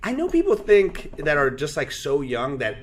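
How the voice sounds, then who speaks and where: A man whose first language is Spanish talks as an interview guest, his pitch swinging widely as he tells his stories. He slips into other voices as he goes, in an animated, easygoing way. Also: normal speed, slight background noise. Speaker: actor and radio host, guest. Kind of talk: interview storytelling.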